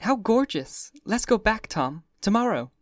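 A man's voice: high-pitched, fairly quick, no echo, studio quality, voice pushed up, lightly acted. A man reading aloud and voicing a charming, breathless young society woman who gushes and murmurs playfully. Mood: gushing.

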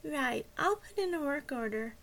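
A bored, nasal dispatcher on the line, as a woman reads her, sounding a little distant and drawling slowly in a fairly high voice. She is flat and unhurried, as if nothing could matter less. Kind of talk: audiobook character reading.

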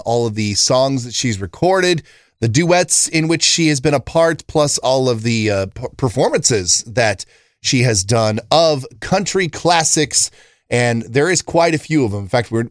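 A man co-host lays out the topic in steady, measured podcast chat, pausing on "uh" and "you know." His voice is mid-pitched, and the recording is close and dry with no room sound. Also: no echo. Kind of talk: casual chat.

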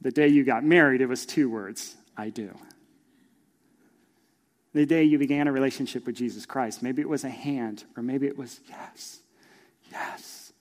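A middle-aged male pastor telling a story in a sermon, acting out voices and swinging from hushed asides to loud emphasis. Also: medium pitch, normal speed. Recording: long reverb of a large hall.

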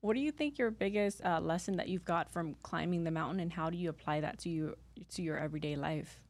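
Host: woman with a low, soft voice, asking encouraging questions on a dry, distant mic. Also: fast, no room sound. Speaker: podcast host. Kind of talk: casual interview.

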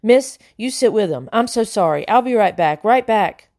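A woman's voice: medium pitch, lively intonation, moderate pace, a little mellow, voice pushed up, natural voice. A woman reading the part of a frightened, wheezing middle-aged man who babbles apologies. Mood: frantic.

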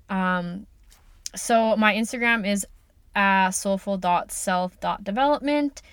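A woman's voice: mid-range voice, clear, resonant tone, dry recording, studio quality. A woman hosting her own podcast, talking in a chatty, upbeat way with plenty of "like" and "um". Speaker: podcast host and coach. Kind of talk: casual solo podcast talk.

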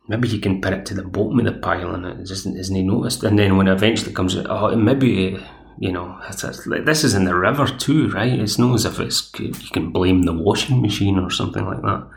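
A man's voice: fairly low pitch, lively intonation, fairly quick, vocal fry. A man, chatting through an episode recap as podcast host. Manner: chatty, digressive. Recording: echoey room.

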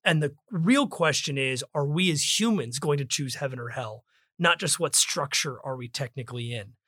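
A man's voice: medium pitch, lively intonation, normal speed, pushed and bright, no echo, clean studio sound. A man hosting a book discussion podcast, talking in an emphatic, preacher-like way. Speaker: podcast host.

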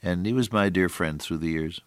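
An older man preaching a sermon, moving between hushed storytelling and raised, emphatic exhortation with slow, deliberate phrasing. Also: low-pitched, dry recording.

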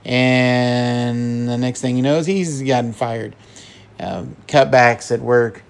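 A male podcast host recaps a film at a slow, unhurried pace. He chuckles often and pauses with fillers. His voice sits at a middle pitch. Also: steady tone, gravelly, clean tone.

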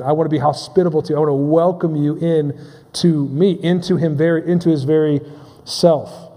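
A man's voice: fairly high pitch, fairly even intonation, mellow. A man preaching a sermon as pastor, restarting phrases and asking his listeners questions. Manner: halting, repeats words, asks the congregation questions. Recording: long reverb of a large hall.

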